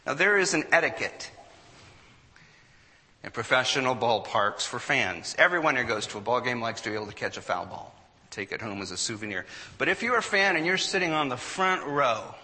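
Male storyteller, mid pitch, animated delivery, bright tone, reverberant hall. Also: brisk. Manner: animated storyteller, acts out quotes. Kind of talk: storytelling talk to an audience.

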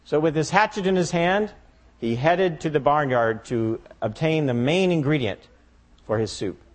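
A man's voice: fairly high pitch, expressive, moderate pace. A man preaching a sermon, telling a farmyard story expressively before turning to scripture. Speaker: pastor.

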